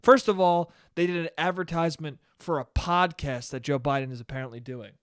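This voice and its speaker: High-voiced young man ranting on a podcast. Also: fairly quick, smooth, no room sound, clean studio sound. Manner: profane, rambling, joking. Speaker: podcast host. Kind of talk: solo casual podcast rant.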